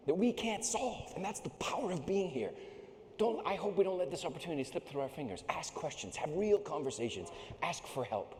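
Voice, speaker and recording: A middle-aged man giving a joking, motivational keynote speech on a stage microphone in a large conference hall. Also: high-pitched. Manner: animated, joking storyteller. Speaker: keynote speaker. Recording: echoey hall with long reverb.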